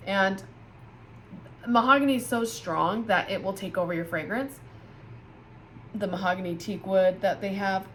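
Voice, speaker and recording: A woman's voice: mid-range voice, moderate pace, pauses often, a little hiss or hum. A tired woman chatting casually and with gushing enthusiasm as she reviews scented candles for her viewers. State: tired, yawning. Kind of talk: casual product review vlog.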